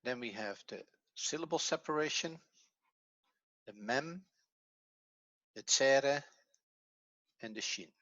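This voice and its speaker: Bright-voiced man teaching a class. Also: medium pitch, animated, takes it slowly, long pauses, no room sound, dull audio. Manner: patient, step-by-step explaining, thinks aloud. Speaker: Hebrew teacher. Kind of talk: evening class lesson.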